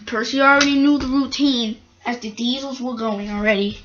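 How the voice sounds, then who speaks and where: A woman improvising a toy-train story, narrating haltingly and correcting herself as she goes. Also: fairly high pitch, highs cut off, background noise.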